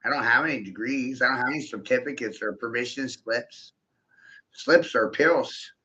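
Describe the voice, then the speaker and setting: Brief: male vlogger, piercing tense tone with some gravel, giggly profane rant, dull lo-fi audio. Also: mid-range voice, moderate pace, sharp tone. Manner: profane, giggly, keeps breaking into laughter; rhetorical, addresses the listener directly. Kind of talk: rambling stream-of-consciousness monologue. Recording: dull lo-fi recording.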